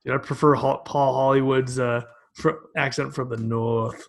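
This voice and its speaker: A man's voice: medium pitch, level tone, normal speed, creaky. A young man co-hosting a podcast in casual chat, laid-back and often saying "dude". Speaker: podcast co-host.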